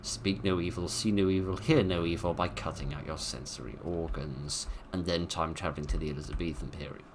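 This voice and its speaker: A deep-voiced British man commentating on a horror game. He is wry and sarcastic and rambles through his jokes. There is a faint hiss of noise behind him. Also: fairly quick, few pauses. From Britain. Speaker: let's-play host. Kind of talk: casual gameplay commentary.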